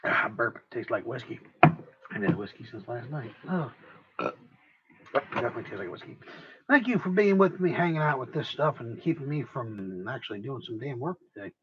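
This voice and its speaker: A man's voice: medium pitch, very animated, moderate pace, highs cut off, a little hiss or hum. A man livestreaming while he works on a craft project, tired, rambling and profane, mocking himself as he goes.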